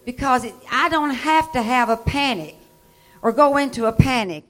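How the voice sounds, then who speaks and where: A woman preaching in a church, reading scripture aloud and leading the congregation in repeating it. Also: sits high. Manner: reads scripture slowly, building to loud call-and-response. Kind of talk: sermon.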